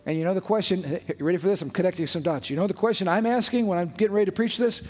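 Male pastor, high voice, chatty and emphatic sermon in a reverberant church. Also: very fast, darkish tone. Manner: emphatic, conversational, rhetorical questions. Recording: long hall reverb, faint music behind.

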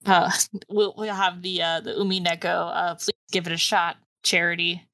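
A woman hosts a casual podcast, joking and reacting quickly to her guest. Her voice is a little low. The recording is dry and close. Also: flat delivery, fairly bright tone, no room sound. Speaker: podcast host. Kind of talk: casual chat.

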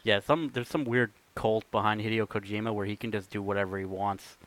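A man's voice: fairly low pitch, fairly even intonation, brisk, fairly bright tone. A man in casual chat, dry and agreeable, laughing along.

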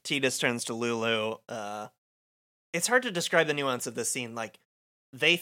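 A man's voice: medium pitch, normal speed. A man co-hosting a casual podcast, talking loosely with many fillers as he recaps a game. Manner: relaxed, hesitant, filler-heavy.

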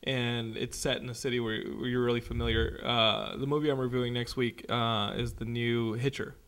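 A man hosting a casual podcast chat, excitable, laughing often and swearing casually. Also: medium pitch, normal speed, clean tone. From Texas. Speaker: podcast host.

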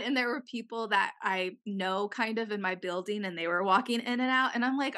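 Young female co-host, bright and slightly high, animated storyteller who swears freely. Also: fairly quick, hardly any pauses. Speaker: podcast co-host. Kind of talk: casual chat.

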